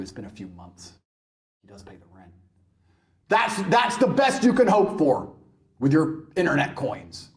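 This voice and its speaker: A man in a brash, mocking monologue, swearing often. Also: high-pitched. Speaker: internet personality. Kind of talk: ranting monologue.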